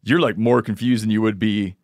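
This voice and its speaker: A man's voice: on the low side, fairly even intonation, fairly quick, no room sound, clean studio sound. A man hosting a podcast, talking casually and thinking aloud, often circling back to rephrase. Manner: rambling, thinks aloud with self-corrections. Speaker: podcast host. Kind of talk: casual chat.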